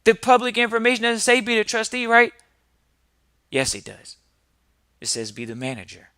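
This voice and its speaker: A male podcast host delivers a preachy monologue full of rhetorical questions. His voice is sharp and forceful and sits fairly high. It sounds dry and close. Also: big pitch swings, normal speed, clear, resonant tone, no room sound. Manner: emphatic, fires rhetorical questions.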